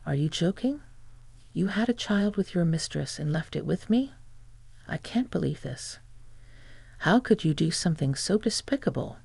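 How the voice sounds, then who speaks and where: A text-to-speech reader voicing an angry, incredulous adult daughter in a flat delivery. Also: female voice, lowish voice, normal speed, creaky, slightly rough, dry recording, full character voice.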